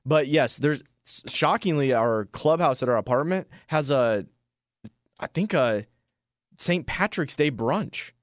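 Rambling, playful man, a little high. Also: lively intonation, unhurried, dry recording, studio quality. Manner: rambling, playful, builds into loud hype. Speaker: co-host. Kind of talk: casual chat.

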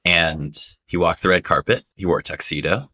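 A man tells a story in casual conversation, his voice very low yet bright and forceful. He is animated, jumping into high voices for the people he quotes. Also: moderate pace. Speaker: reporter telling a story.

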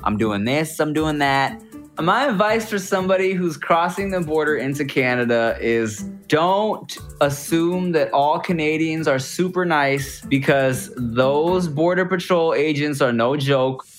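A man telling a comic travel anecdote, animated and acting out the dialogue. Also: fairly high pitch, measured pace, few pauses, soft background music. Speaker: guest storyteller.

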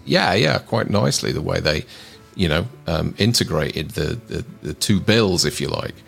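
A low, gravelly-voiced man chatting about a film he has just seen, with faint synth music behind. He speaks hesitantly, with lots of fillers and easy agreement. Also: expressive, moderate pace, fairly bright tone. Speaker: podcast co-host. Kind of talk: casual film review chat.

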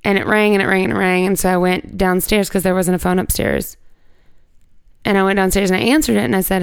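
A woman's voice: mid-range voice, steady tone, quick pace, creaky, clear, resonant tone, dry recording. A woman, an interview guest, telling a personal story in a casual, candid way, peppering her speech with "like" and the odd swear word. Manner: conversational, heavy use of "like", candid with swearing.

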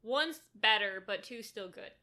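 A woman co-hosting a podcast in casual chat, dry and teasing, and quick to object. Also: mid-range voice, lively intonation, sharp tone. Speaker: podcast co-host.

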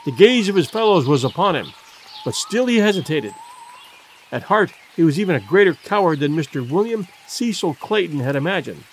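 A man narrating an adventure novel in a measured, expressive storytelling manner. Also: on the high side, slight background noise. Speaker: audiobook narrator. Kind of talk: scripted narration.

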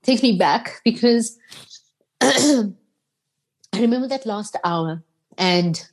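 A woman's voice: fairly high pitch, slow. Heartfelt South African woman telling stories. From Durban, South Africa. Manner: heartfelt, animated retelling with acted-out quotes. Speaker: radio presenter, podcast guest. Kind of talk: emotional interview storytelling.

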